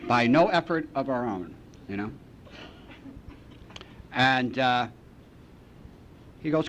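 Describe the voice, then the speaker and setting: A man speaking at a recovery meeting, telling his story with lively acted-out phone calls and repeated lines. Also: slow pace, pauses often. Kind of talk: storytelling talk to an audience. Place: meeting hall. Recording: archival talk recording with faint rumble.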